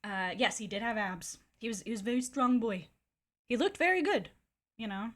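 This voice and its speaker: A woman streamer telling a wild personal story in a casual, animated way, swearing freely and laughing often. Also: on the high side, normal speed.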